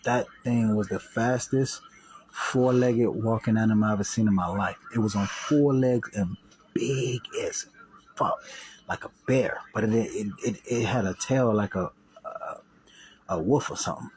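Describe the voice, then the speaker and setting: A man's voice: on the low side, a little slow, slightly rough, poor audio. A man casually telling viewers a personal story, slangy and profane, repeating and restarting himself. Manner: slangy, profane, repeats and restarts, acts out quoted voices loudly.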